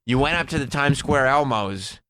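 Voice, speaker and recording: A man's voice: medium pitch, expressive, normal speed, fairly bright tone, dry recording, low-quality recording. A man hosting a casual chat, asking questions and laughing often. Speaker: host.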